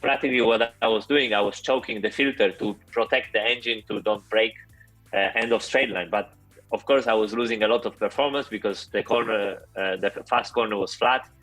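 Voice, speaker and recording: Polish guy telling racing stories, kinda low voice, lots of uh and restarts, faint music behind. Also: steady tone, fairly bright tone, rough recording. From Poland. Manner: halting, many fillers and restarts. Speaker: interview guest. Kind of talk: casual storytelling interview.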